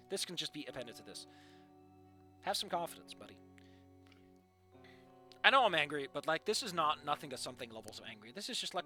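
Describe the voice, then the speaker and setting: A man's voice: on the high side, a little fast, long pauses, faint music behind. A young man reading fan fiction aloud and critiquing it in a sarcastic, profane rant. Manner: animated, sarcastic, profane ranting.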